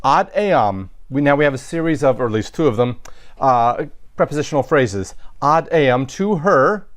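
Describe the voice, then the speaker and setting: A man's voice: mid-range voice, expressive, moderate pace. A man teaching a recorded lesson, explaining sentences step by step in a methodical way, with some fillers and self-corrections. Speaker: Latin teacher. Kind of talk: recorded lecture walking through sentences.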